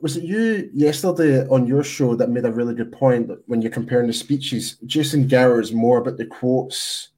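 A man's voice: medium pitch, moderate pace, few pauses, mellow, slightly rough. A man co-hosting a casual sports podcast, rambling and restarting his thoughts as he goes. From United Kingdom. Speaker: podcast co-host.

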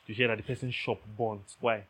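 A man's voice: lowish voice, steady tone, a little fast, a bit bright, slight background noise. A man preaching a sermon, emphatic, repeating key phrases and checking that listeners understand.

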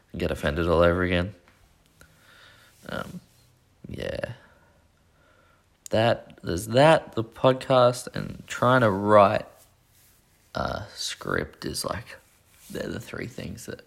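A young man with a deep, gravelly voice hosts a podcast on his own. He rambles casually, swearing plenty and tossing in self-deprecating asides.

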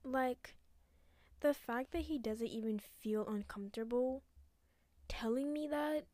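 A woman's voice: high voice, slow, no room sound. Profane, angry young woman ranting. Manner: angry, profane, dips into hushed asides. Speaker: podcast host. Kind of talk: casual solo podcast rant.

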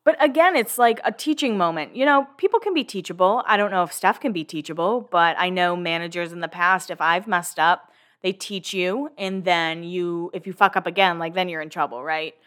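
A woman's voice: fairly low pitch, fairly quick, a bit bright. A woman hosting a casual recap podcast, rambling through the story in a chatty way. She leans on fillers and drops an occasional swear word. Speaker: podcast host.

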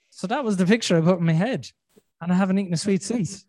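A man's voice: high voice, quick pace, warm tone, no echo. A man, hosting a casual podcast conversation, blunt and sweary, acting out his own inner voices. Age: 40s. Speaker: podcast host.

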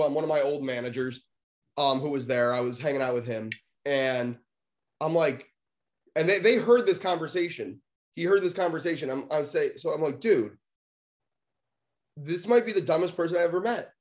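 Telling a story on the podcast he co-hosts, this young man keeps it casual and energetic, swearing without restraint and doing impressions of whoever he's quoting. His voice sits on the high side.

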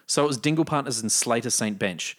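A man's voice: mid-range voice, brisk. A man co-hosting a casual podcast, playful and swearing freely while he chats. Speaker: podcast co-host. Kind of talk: casual chat.

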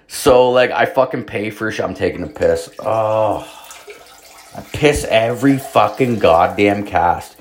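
Rambling, foul-mouthed young man, lowish voice. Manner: rambling, heavy on filler words and cursing. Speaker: storyteller. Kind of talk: casual profane anecdote.

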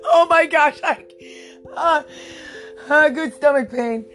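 High-pitched giggling woman podcaster. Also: takes it slowly, fairly bright tone, soft background music. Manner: giggly, keeps breaking into helpless laughter. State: sleepless, late at night. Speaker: podcast host. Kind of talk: solo podcast chat.

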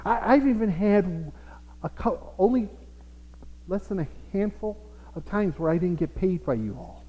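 Male pastor mid-sermon, slightly high-pitched, earnest and repetitive, long church reverb. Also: lively intonation, measured pace, mellow. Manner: earnest, repeats himself, acts out what believers say. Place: church sanctuary. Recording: long echo of a church hall.

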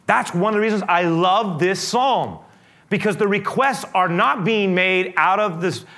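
A man preaching a sermon and then leading a prayer, earnest and emphatic, moving from loud, stressed preaching to a hushed, gentle prayer voice. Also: high-pitched, measured pace. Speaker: pastor.

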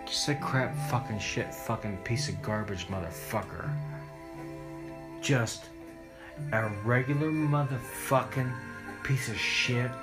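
A man ranting in a solo podcast, furious and profane, swinging between loud outbursts and hushed whispers, recorded in his room at night. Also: medium pitch, slow, long pauses, over loud music. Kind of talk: angry solo podcast rant.

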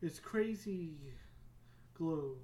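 A woman's voice: fairly low pitch, expressive, very slow, dark tone, slight background noise. A woman hosting her own podcast, talking in a casual, rambling way, going off on tangents, swearing freely and joking about herself. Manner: casual swearing, self-mocking. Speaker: podcast host. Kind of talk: casual solo chat.

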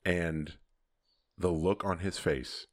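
A man's voice: deep voice, fairly even intonation, takes it slowly. A man hosting a podcast, telling a candid personal story in a casual conversation, often laughing as he talks. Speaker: podcast host.

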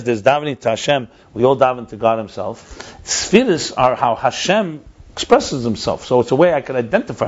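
A man explaining ideas in a conversational teaching style, emphatic and repeating his key points. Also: medium pitch. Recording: dull lo-fi recording.

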